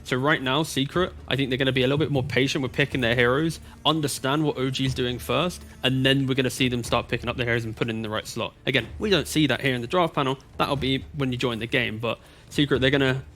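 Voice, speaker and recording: A man rattling through a methodical breakdown at a quick clip in a mid-range voice. Faint music sits behind him. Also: mid-range voice, fairly even intonation, fairly bright tone. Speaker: esports analyst. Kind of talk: analyst desk discussion.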